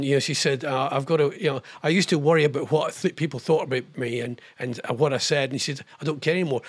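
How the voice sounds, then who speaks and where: An older man hosting a casual live show, chatting in a rambling way about old television and reading viewer messages. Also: a little high. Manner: rambling, chatty, quick impressions and laughs. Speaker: host of a live online radio show.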